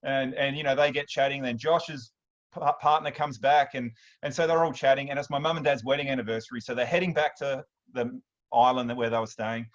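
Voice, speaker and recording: A man in his thirties with an Australian accent, hosting a workshop and telling stories in a chatty, animated way, often restarting his sentences. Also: mid-range voice, a little fast, highs cut off. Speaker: workshop host. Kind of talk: casual storytelling talk.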